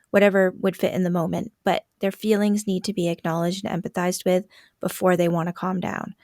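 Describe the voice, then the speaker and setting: Woman coaching a mom, soft and empathetic, dead dry sound. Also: on the low side, flat delivery, fairly quick, dry recording. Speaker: parenting coach and podcast host. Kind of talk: coaching call.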